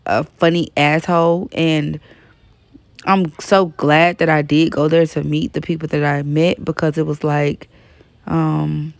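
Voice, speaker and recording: Woman, 30s, vlogger, casual storytime, chatty and frank, raspy-creaky voice, dry close sound. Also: sits low, level tone, measured pace, no echo. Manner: chatty, frank retelling full of "like" and "you know".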